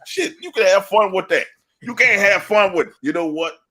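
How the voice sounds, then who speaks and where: A man's voice: sits high, moderate pace. A man hosting a casual sports podcast, swearing freely and laughing through his jokes. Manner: profane, laughs often, animated storytelling. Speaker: podcast host.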